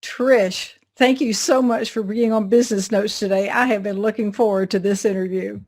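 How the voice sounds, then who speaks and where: A woman with a Southern US accent, hosting a business show, reading a measured scripted introduction and then interviewing her guest. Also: mid-range voice, fairly even intonation, darkish tone. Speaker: show host.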